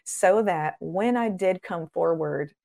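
A woman speaks as a guest on a faith podcast in an earnest, sermon-like way. Her voice sits a little low. She builds her points through rhythmic repetition and acts out quoted voices in a raised tone. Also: takes it slowly, vocal fry, warm tone. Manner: earnest, preacherly, builds in repeated phrases. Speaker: podcast guest, ministry founder.

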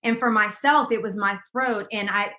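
A woman guest sharing a faith testimony in casual conversation, an animated storyteller who laughs often. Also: medium pitch, moderate pace, echoey room, slight background noise.

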